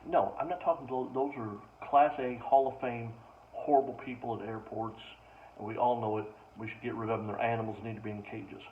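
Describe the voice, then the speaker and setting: A young stand-up comedian rants in exasperated disbelief while spinning casual comic stories, his ordinary middle-pitched voice holding a steady tone at a fairly quick pace. The recording sounds distant and muffled, with dull lo-fi quality and a faint ambient hiss behind him.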